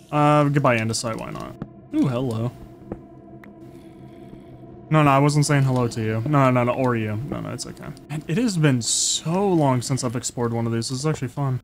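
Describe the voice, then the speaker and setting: Chatty excitable man narrating his gameplay. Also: fairly high pitch, a little hiss or hum. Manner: chatty, excitable, talks to the game mobs. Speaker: gameplay streamer. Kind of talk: casual gameplay commentary.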